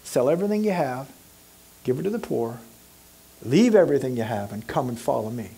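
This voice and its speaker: A man voicing a calm, firm male teacher who speaks lower and more softly than his own voice. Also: a little fast, vocal fry, husky, exaggerated voice, poor audio.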